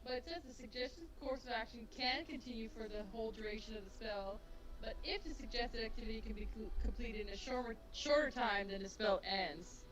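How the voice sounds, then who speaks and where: A woman's voice: a little high, a little fast, fairly bright tone, low-quality recording. A woman playing a tabletop game, arguing over rules and reading them out. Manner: argumentative, laughing, quotes rules. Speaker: player. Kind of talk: casual tabletop game play.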